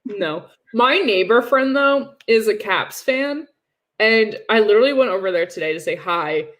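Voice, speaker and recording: A woman's voice: medium pitch, expressive, moderate pace. A young woman co-hosting a livestream, chatting casually and sarcastically about hockey with frequent laughs. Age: young adult. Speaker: podcast co-host.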